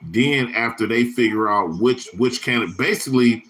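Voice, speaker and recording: A man's voice: medium pitch, normal speed, a bit bright. A man hosting his own livestream in a loose, rambling, profane way, full of slang and answering viewers' chat comments by name. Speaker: livestream host.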